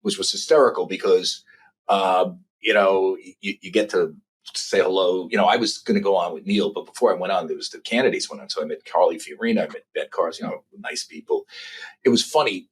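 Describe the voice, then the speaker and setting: A middle-aged man, telling profane, lively anecdotes as a journalist guest in a casual interview. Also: deep voice, a little fast, husky. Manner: animated, profane anecdotes with impressions.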